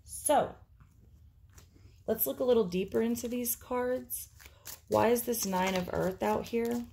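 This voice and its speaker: A woman's voice: on the high side, unhurried, vocal fry, warm tone, slightly rough. A woman giving an intuitive tarot reading, talking casually and thinking aloud with many fillers. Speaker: tarot reader.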